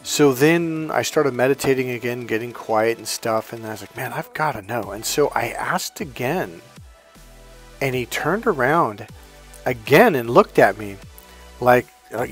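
A man casually telling personal stories to camera, animated and rambling, laughing as he goes. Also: medium pitch, moderate pace, soft background music. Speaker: spiritual coach and video host. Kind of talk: casual storytelling monologue.

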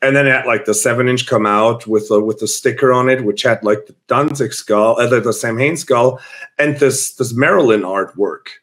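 A man's voice: medium pitch, normal speed. Rambling man. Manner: rambling, animated storyteller. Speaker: guest musician. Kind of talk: casual podcast chat.

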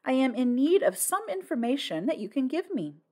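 A fussy, courteous foreign gentleman detective, as a woman puts him on, with ornate, formal phrasing. The voice runs up and down in lively swings. It is a storybook reading. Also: high voice, normal speed, pitched above the performer's own voice. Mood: polite.

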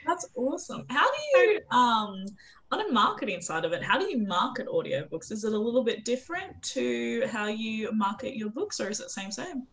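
A woman's voice: fairly high pitch, big pitch swings, moderate pace, a bit bright, a little hiss or hum, rough recording. A woman hosting a casual interview, earnest and encouraging as she asks questions. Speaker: interview host.

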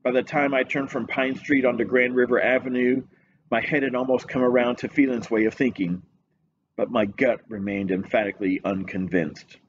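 A man's voice: medium pitch, slight background noise. Man narrating a story, dull recording. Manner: steady, measured first-person storytelling. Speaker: reader. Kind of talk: audiobook-style narration.

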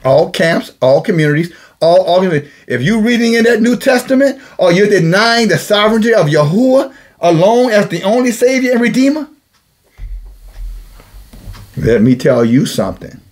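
Male preacher, raised pitch, husky edge; blunt rebuking sermon that hammers phrases again and again. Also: sing-song, moderate pace. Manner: blunt, scolding, repeats phrases for emphasis. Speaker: self-styled watchman preacher.

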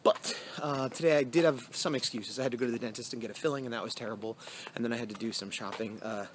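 A man's voice: mid-range voice, quick pace, slight background noise. A man vlogging casually outdoors on an evening walk, rambling and self-deprecating, with many fillers. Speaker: comic artist vlogger. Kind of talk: casual vlog talk.

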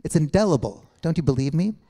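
A man reading aloud and voicing an animated young woman who keeps pressing an old friend with eager questions. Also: fairly high pitch, quick pace, pitched above the performer's own voice, close to an everyday voice. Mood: pleading.

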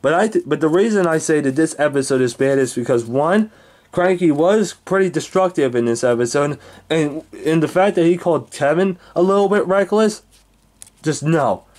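A man's voice: fairly high pitch, moderate pace, a little mellow. A man giving a heated, swearing rant as a video reviewer, often restarting his sentences. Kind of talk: angry ranting review.

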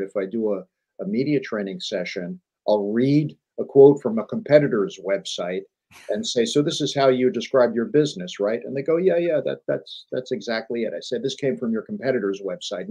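A middle-aged man, a journalist and author, telling business stories in a lively, emphatic way as a guest on an interview show. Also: fairly low pitch, fairly quick, husky, low-quality recording. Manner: animated storyteller, emphatic repetition. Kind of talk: conversational interview.

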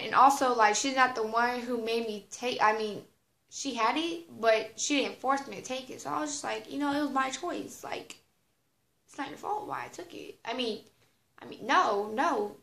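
A woman's voice: sits high, normal speed, fairly bright tone. A teenage girl telling a casual storytime, rambling with lots of fillers, slang and swearing. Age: teens. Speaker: vlogger. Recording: roomy echo.

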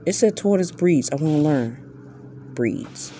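A woman's voice: expressive, a little slow, warm tone, slight background noise. Rambling woman vlogging from bed at night. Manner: talks to her pet in a high baby voice; rambling, self-interrupting chatter. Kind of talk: casual late-night vlog.

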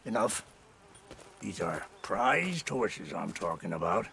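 An actor voicing a bitter, scheming Scottish landowner in a video game, speaking with contempt. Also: male voice, sits low, very animated, takes it slowly, fairly bright tone, slight background noise, heavily acted. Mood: scornful, scheming. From Scotland. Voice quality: gravelly, contemptuous.

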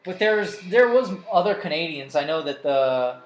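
High-voiced man rambling in a roomy space. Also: expressive, moderate pace. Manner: rambling, trails off mid-sentence. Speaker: co-host of comic book show. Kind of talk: casual chat. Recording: roomy echoey room.

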